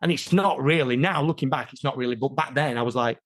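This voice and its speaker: A man, an interview guest telling rambling, animated stories in casual chat. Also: medium pitch, fast. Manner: animated, rambling, many restarts.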